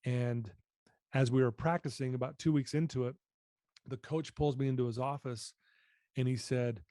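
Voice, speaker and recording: A middle-aged man, a guest on a podcast, tells his own story in an interview, earnest and candid, repeating phrases as he confesses. His mid-range voice has a dark tone and fairly even intonation at a normal speed, recorded with studio quality and no echo.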